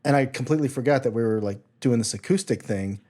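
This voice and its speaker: A man's voice: medium pitch, fast talker, mellow. Chatty male podcast host. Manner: chatty storyteller, acts out quotes. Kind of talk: casual podcast chat.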